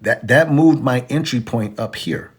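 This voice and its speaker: A man casually teaching trading, animated and slangy, acting out both sides of an argument with himself. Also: mid-range voice, measured pace. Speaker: trading educator.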